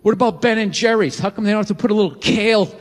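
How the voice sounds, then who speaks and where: This forties comic's high voice races as he rants, profane and incredulous, in his stand-up act. The live recording from a large theater stage has a crowd, long reverb, and laughter in the background.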